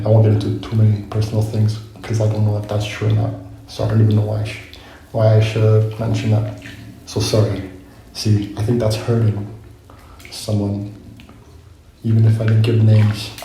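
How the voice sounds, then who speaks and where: A man's voice: fairly low pitch, completely flat delivery, moderate pace, long pauses, warm tone. A young man telling a personal story in a casual vlog, rambling, correcting himself and reflecting as he goes. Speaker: vlogger. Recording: very echoey room, faint noise.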